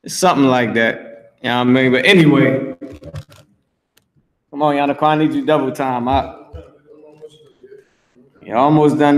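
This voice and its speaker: A man's voice: medium pitch, steady tone, moderate pace, long pauses, crowd noise. A man reading scripture aloud and commenting on it in a brash, profane, mocking way, teaching an online class. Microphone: streamed voice chat.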